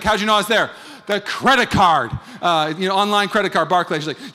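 A thirtysomething pastor preaches in a high, brisk voice that sounds bright and forceful, acting out both roles in a story about marriage. Long reverb from the large church hall surrounds him.

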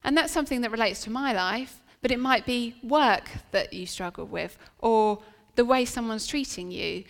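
A woman's voice: a little high, moderate pace, gravelly. A woman preaching a sermon in a church venue, telling a personal story in an earnest, chatty way with frequent restarts. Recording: long reverb of a church hall.

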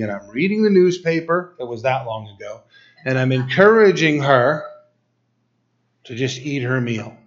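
A middle-aged male preacher tells a story in his sermon, speaking in quick bursts with stammered restarts. His voice sits at an everyday middle pitch. The recording sounds dull and lo-fi.

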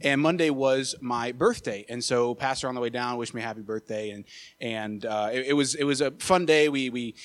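A young man preaching, telling a personal story in an animated way, with many filler uhs and repeated words. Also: mid-range voice, moderate pace. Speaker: associate pastor. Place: church sanctuary.

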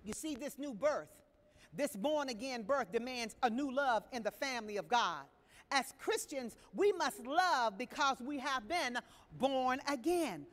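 A woman's voice: high voice, animated, a little slow. A woman preacher delivering a sermon to a congregation with emphatic, questioning delivery. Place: church sanctuary. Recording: long reverb of a large hall.

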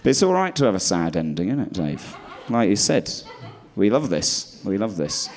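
A man doing a stand-up routine on stage, rambling and self-deprecating, often dropping into low muttered asides. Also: sing-song, normal speed. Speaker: stand-up comedian.

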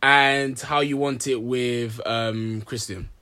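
A man's voice: medium pitch, steady tone, slow, crowd noise. A young man, co-hosting a casual chat and pressing his point. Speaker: podcast co-host.

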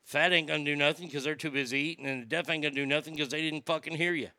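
A male stand-up comedian with a gravelly, forceful voice that sits a bit high for a man. His delivery is profane and rambling, and the sound is dry and close. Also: fairly even intonation, racing, no room sound.

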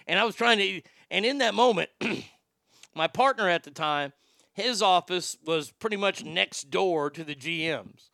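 Gravelly, bright-voiced male ex-radio host. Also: high voice, normal speed, no echo, studio quality. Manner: animated, swearing freely, laughing. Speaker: former radio host reading viewer comments. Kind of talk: casual storytelling livestream.

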